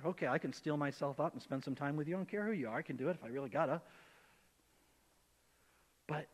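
Male pastor, conversational sermon, slightly high voice, echoing church hall. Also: fast, long pauses. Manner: conversational, animated, acts out voices in quotes.

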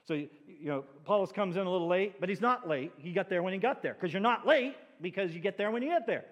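A man preaching as a pastor, telling stories with animated asides in a church sanctuary. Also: high voice, quick pace, lo-fi sound. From New England. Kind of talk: sermon. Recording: long church hall reverb.

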